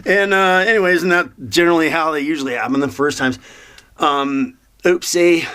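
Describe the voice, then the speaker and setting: A man in his fifties, a motivational vlogger, talks in a fairly high, smooth voice with a sharp tone at normal speed. His monologue rambles, wandering between thoughts with frequent restarts and fillers.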